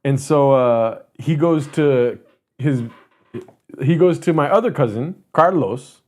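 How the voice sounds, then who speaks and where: A man's voice: medium pitch, slow, a little mellow. A man in his thirties, a streamer host, telling a story to his live chat in a rambling, profane way. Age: 30s. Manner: rambling, profane, self-interrupting.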